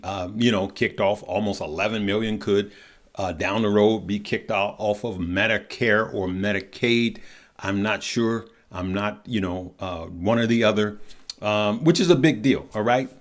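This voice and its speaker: A man hosting a casual stock market show, upbeat and chatty, drawling "y'all" and "good people" at his viewers. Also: fairly low pitch. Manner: upbeat, chatty, laughs at the news.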